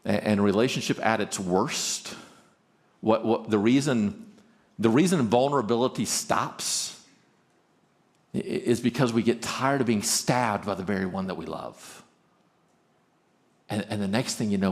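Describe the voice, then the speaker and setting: A man speaking at a marriage conference, animated, acting out both spouses in quoted lines and restarting words quickly. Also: fairly low pitch.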